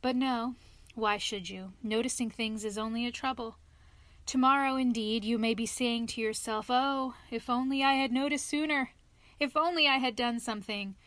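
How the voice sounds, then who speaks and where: A woman's voice: a little high, fairly even intonation, moderate pace, fairly bright tone, no echo, natural voice. Toad: a woman playing a languid, self-pitying male toad. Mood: feeble, martyred. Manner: languid, feeble, sighing, dramatic. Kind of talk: storybook reading.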